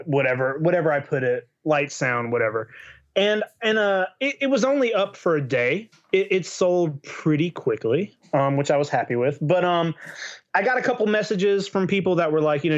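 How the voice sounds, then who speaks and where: A man's voice: on the high side, muffled recording. A man co-hosting a podcast in casual chat, swearing freely and rambling with restarts. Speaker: podcast co-host.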